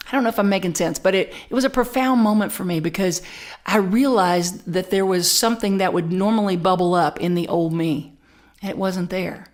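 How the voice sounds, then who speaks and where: Middle-aged woman minister, lively conversational sermon storyteller, mid-pitched. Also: fairly quick. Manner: animated, conversational, laughing asides. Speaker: pastor.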